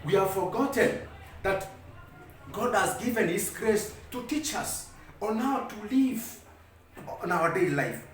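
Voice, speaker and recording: High-voiced preacher in an echoey hall. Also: male voice, expressive. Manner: preaching with rising emphasis, reading scripture aloud slowly. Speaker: evangelist preacher. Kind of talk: sermon. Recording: very echoey room, heard from a distance.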